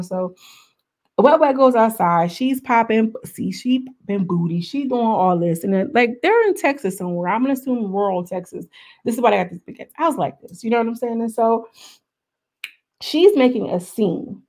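A woman's voice: on the high side, moderate pace. Chatty woman recapping reality TV. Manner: chatty, slangy, animated asides. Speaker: reality show recap vlogger. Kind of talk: casual commentary.

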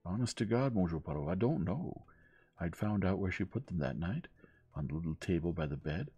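A man reading gently, voicing a young man who talks in a casual, plain-spoken way. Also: low voice, expressive, fairly quick, breathy edge, lo-fi sound, pitched above the performer's own voice. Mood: anxious. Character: young man, wry and cornered.

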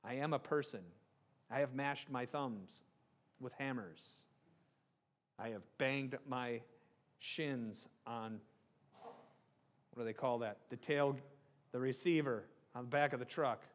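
A man's voice: mid-range voice, slow pace, pauses often. A middle-aged man, a pastor, preaching in a casual, joking way and often checking with the room. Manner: joking, keeps asking the room "right?". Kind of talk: conversational sermon.

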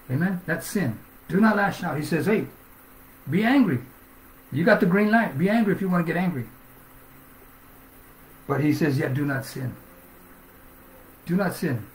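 A man's voice: fairly high pitch, a little hiss or hum. A man preaching a sermon with fervent energy, reading scripture aloud and often asking "Amen?". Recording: echoey room.

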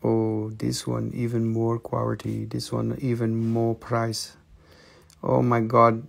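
Excitable man hosting a crystal sales show. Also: mid-range voice, slow pace, vocal fry. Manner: excitable, joking, broken English. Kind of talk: live sales stream. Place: family crystal shop.

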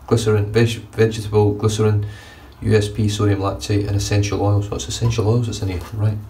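A man's voice: lowish voice, level tone, a little fast, mellow. Chatty, sweary man reviewing a shave. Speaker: wet-shaving vlogger. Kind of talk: casual shave review chat. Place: indoor bathroom. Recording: distant mic with faint room noise.

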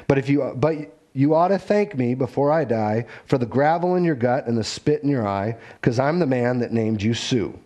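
A man voicing a rough, unrepentant old western father explaining himself earnestly. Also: medium pitch, lively intonation, normal speed, few pauses, warm tone, lightly acted.

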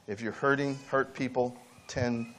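A man preaching a sermon at a church camp meeting, swinging between high, pleading emphasis and quiet asides. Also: fairly even intonation, unhurried, a little hiss or hum.

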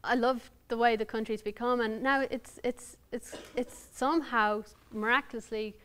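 A woman's voice: on the high side, steady tone, moderate pace, a bit bright. An Irish woman novelist reading her work aloud and then answering audience questions, candid, wry and self-deprecating. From Ireland. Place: university lounge before an audience.

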